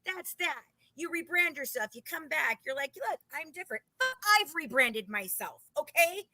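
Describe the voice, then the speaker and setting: A woman's voice: high-pitched, expressive, moderate pace, bright, forceful tone, no room sound, poor audio. A woman hosting a casual commentary chat, talking emphatically with mocking exasperation and some swearing. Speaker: commentary show host.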